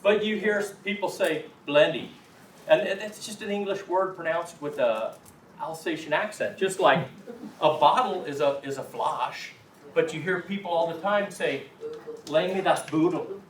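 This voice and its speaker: A man's voice: a little high, normal speed, slight background noise. A man giving a chatty, emphatic talk as teacher of a language class to a room of students. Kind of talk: casual classroom lecture. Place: classroom with an audience. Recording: echoey room, distant mic.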